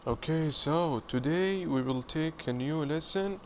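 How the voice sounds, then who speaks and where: A man teaching an English reading lesson, explaining slowly and repeating himself step by step. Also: on the high side. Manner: slow, repetitive, explaining step by step. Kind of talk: classroom video lesson. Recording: dull lo-fi audio with faint hiss.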